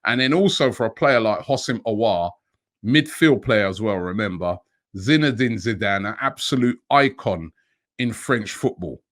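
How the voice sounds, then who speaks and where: A man's voice: on the low side, expressive, moderate pace, a bit bright. A middle-aged man hosting a daily football transfer news show, talking to camera in a chatty way, thinking aloud and asking himself rhetorical questions.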